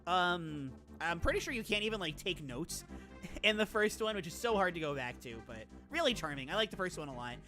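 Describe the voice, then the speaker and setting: A woman VTuber streamer chatting casually on stream, excitable and gushing, laughing often and rambling into asides. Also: on the low side, fairly quick, faint music behind. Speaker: VTuber streamer reacting to viewer game lists. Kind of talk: casual live-stream chat.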